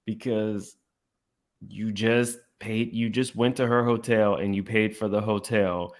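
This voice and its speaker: A man's voice: fairly low pitch, fairly even intonation, unhurried. A man hosting a reaction commentary, blunt and opinionated, talking straight to his viewers. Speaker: commentary host. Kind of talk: reaction commentary on podcast clips.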